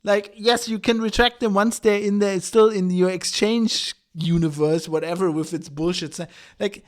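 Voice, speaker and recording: A man's voice: sits high, steady tone, moderate pace. A man hosting a podcast, ranting in an exasperated, profane way with many restarts and fillers. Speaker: podcast host.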